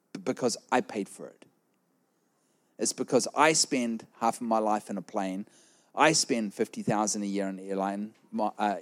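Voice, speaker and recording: A middle-aged man preaching a sermon, telling a personal story with lively acted-out voices. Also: on the low side. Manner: animated storytelling, acts out quoted voices.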